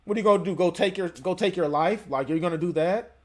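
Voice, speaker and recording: A man's voice: high voice, fast talker. A man hosting casual reaction commentary in a laid-back, conversational way. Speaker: commentary channel host.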